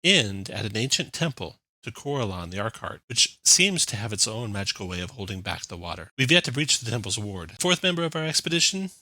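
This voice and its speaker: A man's voice: on the low side, sing-song, brisk, few pauses, pushed and bright, no room sound, exaggerated voice, rough recording. A man voicing a poised female tiefling scholar who leads an expedition, speaking formally and courteously. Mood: earnest.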